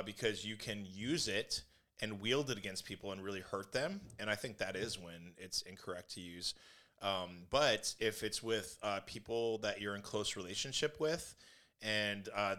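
A middle-aged man co-hosting a podcast, with a bright, forward voice. He tells stories with animated, teasing energy and pokes fun at himself as he goes. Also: fairly low pitch. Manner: animated storyteller, playful and self-mocking. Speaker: podcast co-host. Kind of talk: casual chat.

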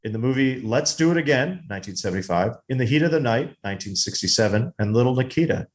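A man's voice: medium pitch, quick pace. A man co-hosting a casual movie podcast, talking with enthusiasm and telling stories. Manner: animated, enthusiastic storyteller. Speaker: podcast co-host.

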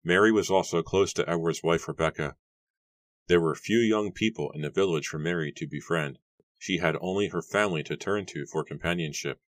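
A man narrating an audiobook in a steady, measured reading style. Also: sits low, dry recording.

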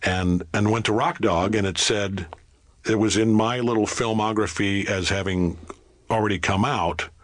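A man's voice: lowish voice, fairly even intonation, moderate pace, no room sound. A middle-aged man, an actor, telling rambling, self-deprecating stories in casual chat. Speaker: actor guest.

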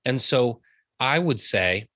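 A man's voice: medium pitch, lively intonation, slow, pushed and bright, no room sound, studio quality. A young man from the USA, a realtor guest talking earnestly in an interview and getting emotional about family. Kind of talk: heartfelt interview conversation.

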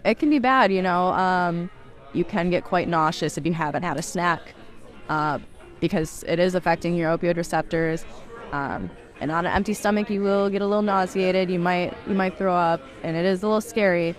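A woman's voice: lowish voice, normal speed, soft background music. A woman who owns a bar, speaking casually in an interview with frequent ums. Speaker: bar owner. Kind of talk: interview soundbites.

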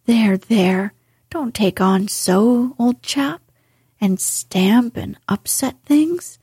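A woman's voice: a little high, extremely slow, no echo, clean studio sound, heavily acted. Toad, a humble toad, whispered by a woman. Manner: soft, breathy whispered reading. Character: boastful, repentant male toad, middle-aged gentleman.

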